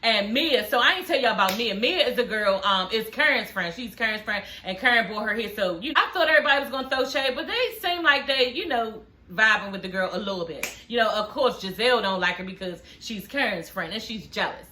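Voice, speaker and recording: A woman recapping a reality TV episode in casual, sassy talk, gossiping and swearing freely with drawn-out emphasis. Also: on the high side, expressive, pushed and bright, roomy sound, a little hiss or hum.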